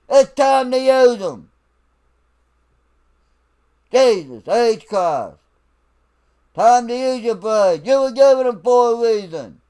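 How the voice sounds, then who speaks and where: A man barks out a profane political rant in a drill-sergeant style, his voice pushed very high and rough with gravel. He drives every word home slowly, yet the tone stays resonant and full. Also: a little mellow. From United States. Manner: slow, emphatic, lecturing. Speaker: vlogger.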